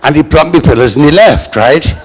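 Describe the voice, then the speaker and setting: A man's voice: fairly high pitch, expressive, fairly quick, husky, in a large hall. An older man from Britain tells stories to a live audience with a theatrical manner, acting out the people he quotes. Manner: theatrical, acts out quoted voices. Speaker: storyteller on stage. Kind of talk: anecdote told to a live audience.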